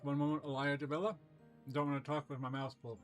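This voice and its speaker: A man's voice: a little high, fast, faint music behind. A man casually commenting on his gameplay during a live stream, chatting with viewers and reading their messages aloud. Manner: relaxed, chatty, reads chat messages aloud. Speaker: gaming streamer.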